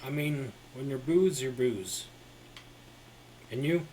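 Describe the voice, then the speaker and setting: A man's voice: medium pitch, slow, darkish tone, slight background noise. A young man co-streaming a game, hesitant with many fillers and a dry sense of humor. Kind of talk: casual gameplay chat.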